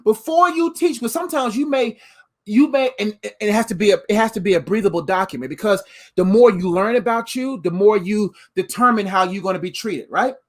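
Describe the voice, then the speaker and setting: A man giving a motivational faith talk as a life coach, animated and playful, full of slangy asides. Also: high-pitched, a little fast.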